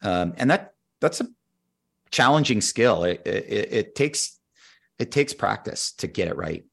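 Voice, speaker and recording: A male guest expert with a fairly low voice, laying out his points in a methodical, patient way. He sounds like a teacher talking through a framework in a relaxed exchange. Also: measured pace, creaky, breathy edge. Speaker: guest expert on team skills. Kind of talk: explaining in conversation.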